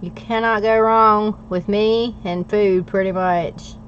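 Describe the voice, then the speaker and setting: A woman's voice: medium pitch, fairly even intonation, slow. A woman from the United States chats casually with live viewers, laughing easily between remarks. Her voice sits in a middle register. The recording is slightly dull, with a faint hiss underneath. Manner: chatty, laughs often, talks while working. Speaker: planner livestream host.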